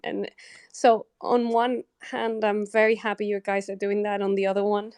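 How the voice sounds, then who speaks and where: A woman talks candidly in a relaxed group chat, her voice mid-pitched. The sound is dry and close, with no room echo. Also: normal speed, clean tone. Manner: candid, swears casually. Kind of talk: casual conversation.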